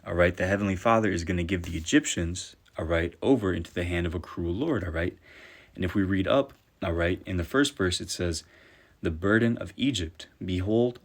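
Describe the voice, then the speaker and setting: Deep-voiced male preacher, deliberate scripture reader, constant "all right?" check-ins. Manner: peppers speech with "all right?"; reads verses slowly and deliberately. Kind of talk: scripture teaching.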